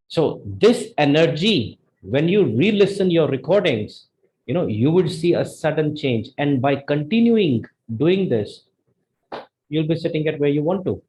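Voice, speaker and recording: Animated Indian English tutor, man. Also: measured pace, rough recording. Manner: animated, demonstrates intonation with sudden pitch jumps. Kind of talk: live online spoken English lesson.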